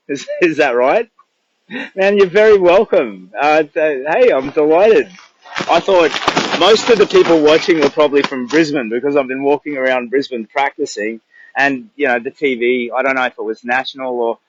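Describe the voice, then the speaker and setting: A man's voice: medium pitch, normal speed, lo-fi sound. An older man with an Australian accent, chatting in a rambling, casual way on a livestream during a long charity walk. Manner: rambling, chatty, thinks aloud.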